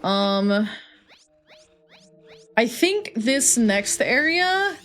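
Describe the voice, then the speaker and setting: A woman's voice: on the high side, sing-song, extremely slow, a bit bright, soft background music. A young woman streaming a retro game, chatting casually, joking and answering chat. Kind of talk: casual live-stream chat while playing.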